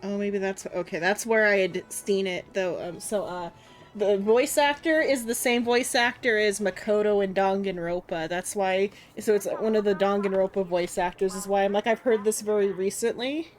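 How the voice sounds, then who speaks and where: A woman's voice: medium pitch, steady tone, moderate pace, faint music behind. A woman streaming a video game live, rambling and laughing as she reacts. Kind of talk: casual live-stream gameplay commentary.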